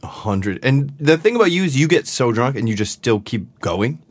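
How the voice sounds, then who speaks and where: A man co-hosting a podcast, joking and chiming in with quick reactions. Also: medium pitch, very animated, slightly rough. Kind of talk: casual chat.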